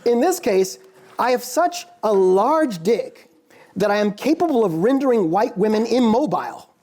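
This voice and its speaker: A man, a philosophy professor, giving a formal lecture in a measured, deliberate way with dramatic pauses. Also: high-pitched, animated, a little mellow. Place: lecture hall.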